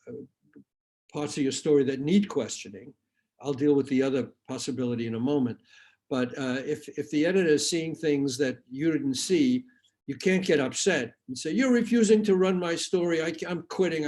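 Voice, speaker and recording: A man speaking as a guest journalist, answering audience questions at a lecture in a thoughtful, hesitant way with frequent pauses and restarts. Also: medium pitch, darkish tone.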